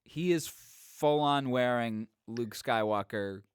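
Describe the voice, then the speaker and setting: A man's voice: medium pitch, clear, resonant tone, dry recording, clean studio sound. Jokey man riffing on a movie. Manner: jokey, riffing, quick asides. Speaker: podcast co-host. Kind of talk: casual movie review chat.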